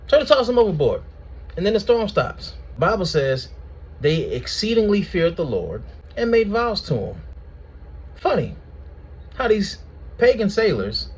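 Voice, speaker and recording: A man hosting a casual Bible study, retelling the story in slangy, animated language. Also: high voice, husky, lo-fi sound. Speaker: host of Bible study video.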